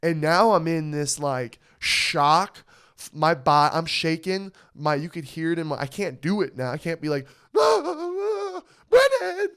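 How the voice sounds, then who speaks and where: A man co-hosting a podcast, telling a story in casual chat, animated and swearing, often asking "you know what I mean". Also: fairly high pitch, moderate pace, clear, resonant tone. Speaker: podcast co-host.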